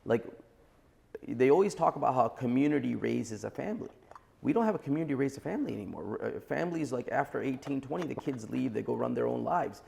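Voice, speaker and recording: A man in his forties speaks as a podcast guest, forceful and blunt in his opinions. His voice carries a heavy gravelly rasp throughout, at a middle pitch for a man. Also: expressive, fast. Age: 40s. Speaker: entrepreneur guest. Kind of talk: podcast interview.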